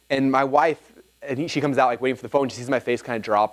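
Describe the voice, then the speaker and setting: Fast-talking energetic man telling a story. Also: mid-range voice. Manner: energetic, casual, heavy on "like" fillers. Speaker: seminar presenter. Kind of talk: storytelling talk to a live audience. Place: room with a live audience.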